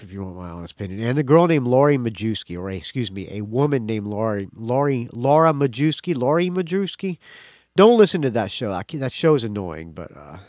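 Podcast host, male, opinionated rambler with a very animated pitch, recorded dry and close. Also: dry recording. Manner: opinionated, rambling, self-correcting, sarcastic. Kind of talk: casual solo podcast rant.

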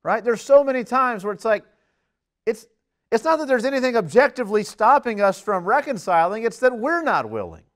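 Male preacher with a high voice, earnest and emphatic, mid-sermon. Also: a little fast. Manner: earnest, emphatic, lively swings in pitch and loudness.

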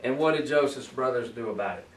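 A man's voice: medium pitch, fast talker. A man leading a Bible study, reading scripture aloud and then explaining it in a conversational way. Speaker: Bible teacher. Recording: echoey room, mic at a distance, faint ambient noise.

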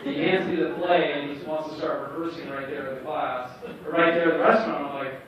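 Thirty-something guy telling a story on a cinema stage, kinda high voice, echoey hall, dull sound, crowd noise. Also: fast, distant mic. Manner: animated, acts out the other man's lines. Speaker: guest storyteller. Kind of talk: live storytelling. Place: cinema stage before an audience. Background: audience laughter and room ambience.

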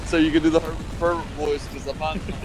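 A man's voice: on the high side, fairly even intonation, very fast, over music, low-quality recording. A man joking playfully with friends on a gaming voice chat. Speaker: squad member.

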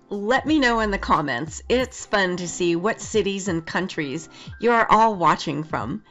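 A hoarse woman with a lingering cold gives a friendly, step-by-step craft tutorial in voice-over. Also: lowish voice, expressive, measured pace, a bit bright, dull audio, faint music behind. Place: home, filming in Las Vegas.

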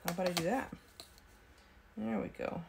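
A woman's voice: lowish voice, moderate pace, gravelly, very noisy. A woman hosting a casual craft video, chatting and thinking aloud as she works at her desk. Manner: talks with frequent ums and small laughs. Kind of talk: casual craft tutorial chat.

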